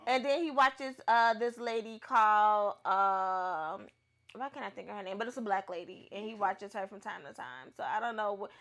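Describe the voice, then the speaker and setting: Podcast co-host, young adult woman, bright tone, lively storyteller, casual chat. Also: medium pitch, normal speed. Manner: animated storyteller, bursts of laughter.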